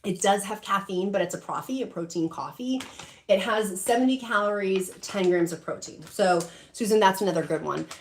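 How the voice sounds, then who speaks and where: A woman's voice: mid-range voice, moderate pace, a little hiss or hum. A middle-aged woman hosting a shopping livestream, chatting casually and emotionally as she reads out viewer comments, with many fillers. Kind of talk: casual live-stream chat reading comments.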